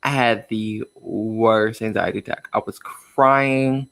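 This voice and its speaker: His voice runs on the low side, slow and fairly even in intonation, with vocal fry and a bit of brightness and no echo. He's a young man speaking as a guest inside a car, candid and emotional about a personal story, with plenty of fillers and nervous laughs.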